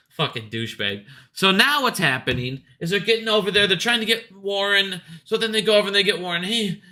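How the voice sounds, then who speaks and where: Man, high voice, very bright tone, profane mocking rant. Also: fast talker. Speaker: video commentator. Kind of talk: ranting commentary.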